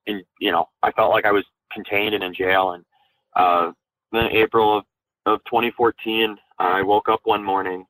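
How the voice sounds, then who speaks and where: A man's voice: fairly low pitch, sharp tone, no echo, rough recording. Young man telling a raw personal story. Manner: candid, halting, many fillers and restarts. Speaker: guest, Army National Guard veteran.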